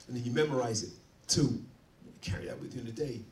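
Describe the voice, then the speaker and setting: A man preaching a sermon, dynamic, swinging from quiet asides to loud emphatic points. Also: mid-range voice, fast, hardly any pauses, distant mic. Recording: roomy, from off-mic.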